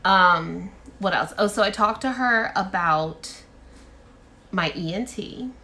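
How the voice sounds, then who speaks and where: A woman's voice: mid-range voice, slow, bright, forceful tone. A woman vlogger casually retelling her doctor visit, talkative and full of "like" fillers.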